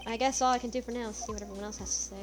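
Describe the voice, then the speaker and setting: A woman's voice: a little high, steady tone, rapid-fire. A woman playing through a game and reading its dialogue aloud in a dramatic, self-aware way, over game music. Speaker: let's play gamer.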